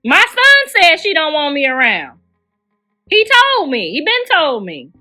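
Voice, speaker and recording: Middle-aged woman, livestream host, blunt profane rant, slightly high voice, phone mic. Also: huge pitch swings, a little slow, pushed and bright, faint music behind. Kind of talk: ranting livestream chat.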